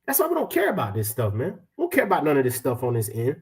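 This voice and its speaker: A middle-aged man preaching in a slangy, emphatic street style, slowing down deliberately to read out scripture verses and tossing in "man" all the time. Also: medium pitch, huge pitch swings, rough recording. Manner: slangy, repeats "man" often.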